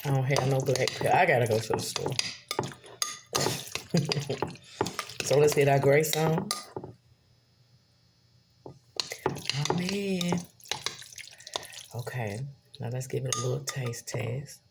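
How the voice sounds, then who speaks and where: A woman's voice: a bass voice, steady tone, unhurried, gravelly, pauses often, heavy background noise. A woman, chatting casually to viewers while she cooks in her home kitchen. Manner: chatty, addresses viewers as y'all. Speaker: cooking vlogger. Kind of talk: casual cooking vlog.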